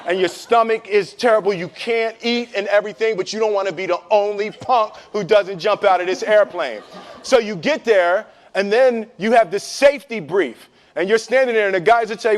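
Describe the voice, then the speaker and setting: A man as an interview guest, telling a personal story in an animated, joking way, acting out what people said and laughing often. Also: high-pitched, normal speed. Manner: lively and joking, acts out quotes, laughs often.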